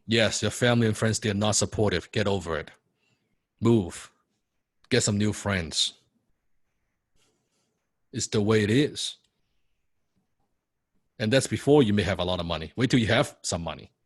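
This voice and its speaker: A man with a non-native English accent, coaching students in a blunt, forceful, profane and repetitive way. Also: fairly low pitch, a little slow, pauses often, no echo, studio quality. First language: not English. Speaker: copywriting coach. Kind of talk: motivational coaching talk.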